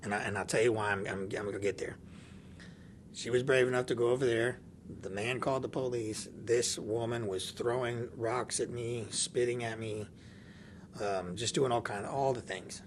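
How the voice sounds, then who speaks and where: Animated man telling a story. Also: medium pitch, normal speed, a little hiss or hum. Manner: animated, laughs often, acts out dialogue. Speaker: podcast guest. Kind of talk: casual storytelling.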